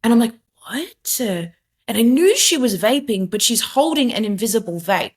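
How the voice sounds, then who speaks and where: A woman's voice: fairly high pitch, animated, a little fast. A young adult woman, a podcast guest, giving an earnest, emphatic personal testimony in casual conversation, with many fillers and restarts.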